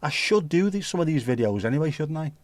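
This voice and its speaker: A man's voice: a little high, animated, fast talker, no room sound. A man with a Scouse accent hosting a livestream, chatting casually in a rambling, jokey, sweary way. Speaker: livestream host. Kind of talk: casual chat.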